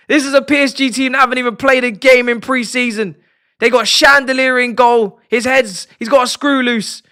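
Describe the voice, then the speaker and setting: A young man calls a football match live for his stream, full of slang and repeated phrases. His voice sits high and rings very bright and smooth, dropping to a hush and then bursting into shouts. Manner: swings from hushed murmuring to excited shouting. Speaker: livestream host of a match watchalong. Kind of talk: live football watchalong commentary.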